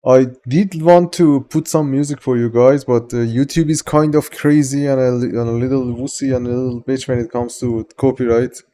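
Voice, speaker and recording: Mellow-voiced man with a Persian accent. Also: mid-range voice, steady tone, normal speed, hardly any pauses, a little hiss or hum. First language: Farsi. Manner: loose and joking, greets viewers by name, swears casually. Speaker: streamer. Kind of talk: casual live-stream chat.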